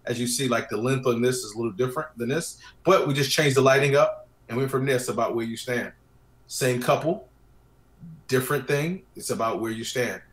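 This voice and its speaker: A man's voice: medium pitch, brisk. A man talking casually as a guest about wedding photography, telling stories and acting out his clients' lines. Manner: chatty storyteller, acts out clients' lines. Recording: roomy echo.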